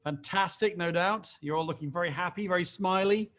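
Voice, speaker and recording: A man's voice: sits high, a little fast, fairly bright tone. A middle-aged man hosting a team video call, upbeat and chatty, with self-mocking jokes and frequent fillers. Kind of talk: energetic video call pep talk.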